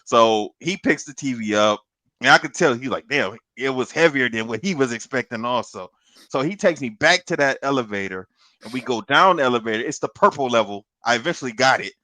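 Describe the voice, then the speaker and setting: A podcast co-host recounts a lengthy story in casual conversation, his mid-range voice brisk, pushed and bright, with lively intonation and no echo. He swears, laughs a lot and plays out other people's lines as he tells it.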